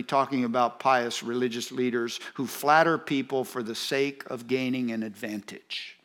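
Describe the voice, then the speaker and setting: A man's voice: medium pitch, fairly even intonation, a little slow, hardly any pauses, fairly bright tone. A man preaching a sermon, emphatic and repetitive, speaking straight to the congregation. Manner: speaks directly to congregation, asides to audience.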